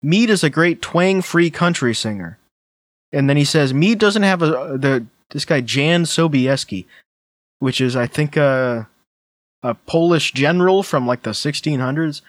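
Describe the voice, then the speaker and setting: A man with a slightly high voice hosts a casual podcast. He reads posts out loud and drops wry, deadpan asides. The sound is dry and close to the mic. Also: unhurried, no echo. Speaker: podcast host. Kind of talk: casual chat, reading posts aloud.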